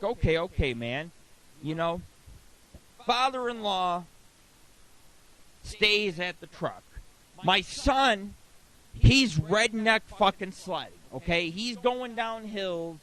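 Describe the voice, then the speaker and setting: A man's voice: sits high, rough recording. A middle-aged man hosting a radio talk show, telling crude rambling stories with constant swearing. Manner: profane, rambling, animated.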